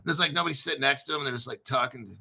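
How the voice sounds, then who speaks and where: A man voicing a sarcastic heckler who mocks the host in the third person, in a slightly lower voice. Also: racing, creaky, bright, forceful tone, slightly rough, full character voice. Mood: teasing. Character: snarky male heckler mocking the host.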